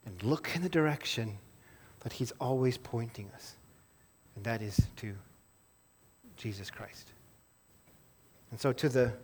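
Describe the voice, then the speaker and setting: A man preaching a sermon as pastor, earnest, rising to emphatic stress and then dropping low and soft.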